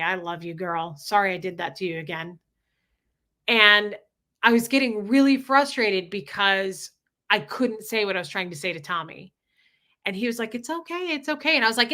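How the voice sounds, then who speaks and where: A woman's voice: medium pitch, pushed and bright. A woman hosting a casual livestream chat, talking in an emotional, rambling way and swearing freely. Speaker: livestream host.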